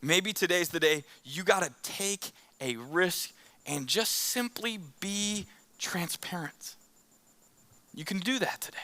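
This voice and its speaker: A man's voice: high voice, lively intonation, takes it slowly, bright, forceful tone. A man preaching a conversational sermon, telling stories and acting out the quotes in them. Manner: acts out quotes in the story. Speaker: pastor.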